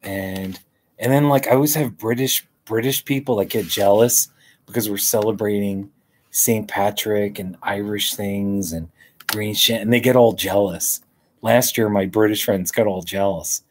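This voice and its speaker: A man lounging in a hammock outdoors live-streams in a voice on the low side, with a little hiss or hum in the audio. He chats casually and rambles in a relaxed, drawn-out way.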